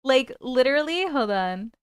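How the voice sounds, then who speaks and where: A chatty woman hosts a live stream, laughing often and swearing casually. Her voice sits high and swings widely. The sound is smooth and dry, as if recorded close to the mic. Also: animated, normal speed, dry recording.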